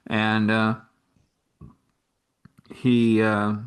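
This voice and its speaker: A man with a fairly low voice tells a story in a loose, rambling way. He slips into the voices of the people he quotes as he narrates, in a casual spoken style. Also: monotone, very slow, reverberant. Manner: rambling, acts out quoted dialogue. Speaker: faith storyteller.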